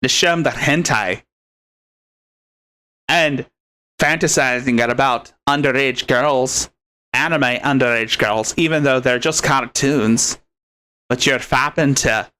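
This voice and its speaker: A man's voice: mid-range voice, slow, long pauses, sharp tone. A man hosting a live commentary show, talking in a sarcastic, scornful and rambling way. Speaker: commentary host.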